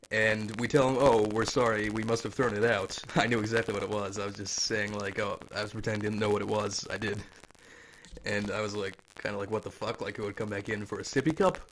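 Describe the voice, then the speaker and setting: A man's voice: on the low side, a bit bright. A young man hosting a podcast, telling a story in a casual, rambling way, swearing and laughing at his own story, from a desk mic in an office. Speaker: podcast host. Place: office with a humming noise. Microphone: home desk mic with static. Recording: faint static hiss.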